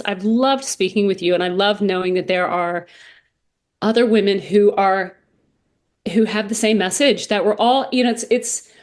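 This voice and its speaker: A woman, a voice coach speaking as a podcast guest, earnest and emphatic, often repeating phrases. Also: mid-range voice. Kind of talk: interview conversation.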